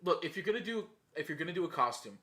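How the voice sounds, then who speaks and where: A man's voice: fairly high pitch, big pitch swings, rapid-fire, sharp tone. A man co-hosting a podcast, tossing out blunt, sarcastic quips in crude banter. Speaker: podcast co-host.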